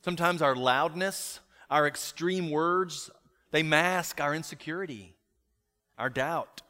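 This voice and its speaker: A man preaching a sermon in a reflective way. He asks rhetorical questions and drops softer on key lines. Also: a little high, slow pace. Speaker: pastor. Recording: long hall reverb.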